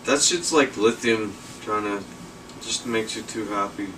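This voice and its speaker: A man's voice: on the low side, unhurried, far from the mic, noisy background. A man chiming in with blunt, slangy remarks during a casual chat among friends. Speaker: friend in the conversation.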